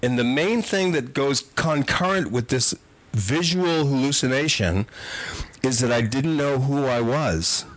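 An older man, a comedy writer and podcast guest, telling a story in a vivid, profane and animated way. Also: medium pitch, a little slow, dry recording.

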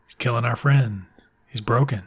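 A man voicing a panicked young male spy who yells frantic, cursing outbursts at a friend. He keeps his own husky voice. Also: medium pitch, moderate pace. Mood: distraught.

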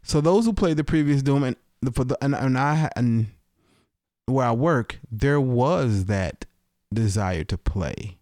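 A man co-hosting a podcast, talking in a halting way with frequent restarts in casual chat about a game. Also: mid-range voice, lively intonation, darkish tone, no echo, studio quality. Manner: halting, hesitant, many restarts and fillers. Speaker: podcast co-host.

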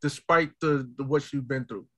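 A man co-hosting a casual podcast, retelling film scenes in an animated, excitable way. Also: mid-range voice, normal speed. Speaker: podcast co-host.

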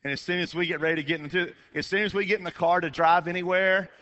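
A man telling a comic story on stage, animated, with quick asides and sudden shouted bursts. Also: high voice, lo-fi sound. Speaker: comedian. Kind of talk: storytelling stand-up.

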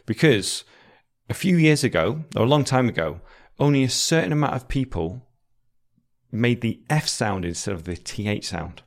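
A man's voice: medium pitch, sing-song. Patient British man teaching English. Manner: clear, patient, repeats example sentences slowly. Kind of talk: explaining vocabulary to learners.

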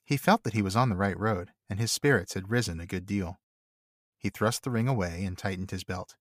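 A man co-hosting a book podcast, chatting and reading passages aloud in a measured, steady way. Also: sits low, no echo, studio quality. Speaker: podcast co-host and reader.

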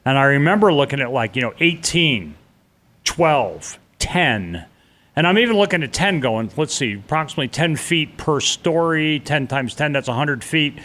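A middle-aged man tells his story in earnest, halting conversation. He stumbles and restarts mid-sentence and slips into the voices of the people he remembers. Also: a little high, animated, fairly bright tone. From New York. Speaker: interviewee recounting a disaster escape.

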